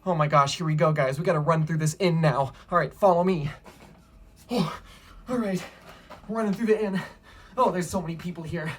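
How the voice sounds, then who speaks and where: A man leads an interactive children's story as a preschool drama teacher, with a slightly breathy voice. He talks in a playful, exclamatory way, gasping and puffing as he acts out the running for his young audience. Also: fairly high pitch, a little fast.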